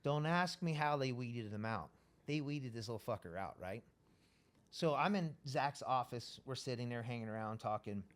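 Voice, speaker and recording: A man spinning a yarn as a podcast guest, mid-pitched and loose, swearing freely and slipping into the voices of the people in his tale. His delivery is animated and conversational. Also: moderate pace. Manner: profane, animated, acts out quoted dialogue. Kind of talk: casual storytelling.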